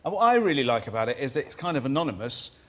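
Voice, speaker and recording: A man's voice: medium pitch, very animated, very fast, a bit bright. A man, a comedian guest on a chat show, talking chattily and hesitantly, laughing things off. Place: TV studio.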